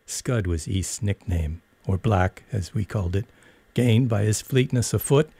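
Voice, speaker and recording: A man reading a story aloud in a measured, expressive narrating voice. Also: lowish voice, gravelly, breathy edge, no echo.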